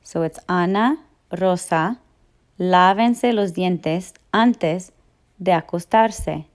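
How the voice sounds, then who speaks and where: A woman with a somewhat low voice teaches a Spanish grammar review. She lays out each rule patiently, one step at a time, like a teacher working through examples. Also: slow pace. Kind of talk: explaining grammar in a recorded lesson.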